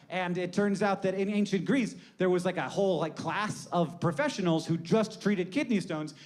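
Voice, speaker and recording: A man delivering a rambling, wry comedic monologue, profane at times, over a noisy recording. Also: high voice.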